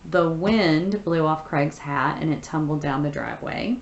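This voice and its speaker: Low-voiced woman teacher in a roomy space. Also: measured pace, creaky, muffled recording. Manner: patient, step-by-step explaining with frequent fillers. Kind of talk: reading a story aloud, then explaining answers.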